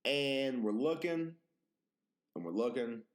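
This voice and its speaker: A man's voice: mid-range voice, slow. A man hosting a podcast, telling exaggerated, profane stories in casual chat. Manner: animated, profane, exaggerated storytelling. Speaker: podcast host.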